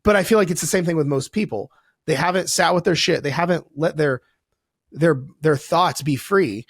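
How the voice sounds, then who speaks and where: Male podcast guest, coach type; animated, profane, a bit high-pitched, close dry sound. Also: moderate pace, creaky, husky, no echo. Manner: animated, swearing, acts out voices. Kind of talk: casual podcast conversation.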